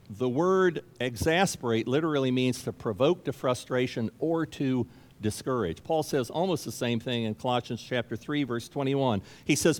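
Male pastor, sermon, emphatic, repeats phrases for stress, mid-pitched voice, long hall reverb. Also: animated, normal speed, a little mellow.

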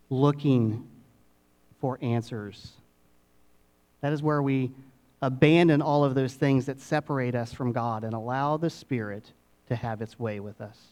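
A middle-aged man preaching a sermon, dropping to hushed asides and rising to emphatic peaks with dramatic pauses. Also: mid-range voice. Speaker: pastor.

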